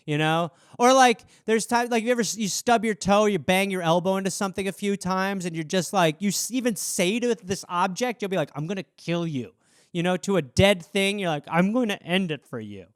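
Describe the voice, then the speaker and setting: Podcast host, forties, rambling profane riffs, smooth high voice, dry close mic. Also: male voice, brisk, few pauses, no echo. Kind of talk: casual solo riffing.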